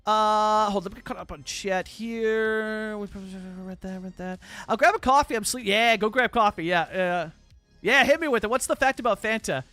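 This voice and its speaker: A young Canadian man with a high, bright, forward voice talks through a live game stream. He rambles in a loose, chatty way, packing in fillers as he answers viewer chat. Soft music plays faintly underneath. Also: normal speed, dry recording. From British Columbia, Canada. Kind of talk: casual live-stream chat while playing a city-building game.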